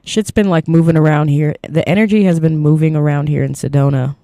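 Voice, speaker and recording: A woman's voice: low-pitched, fairly even intonation, brisk, mellow, no echo, clean studio sound. A woman hosting a casual solo podcast from inside her van, rambling loosely and swearing freely in a groggy morning voice. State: groggy morning voice, short on sleep. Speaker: podcast host.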